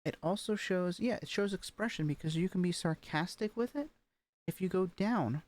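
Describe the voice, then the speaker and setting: Here the same kind of session plays out: a woman at home, streaming as a vtuber and recorded through a webcam microphone, practicing her voice training homework. Her voice sits on the low side with a darkish tone at normal speed, and there's no echo. She chats casually with lots of fillers while repeating practice lines in rising and falling intonation.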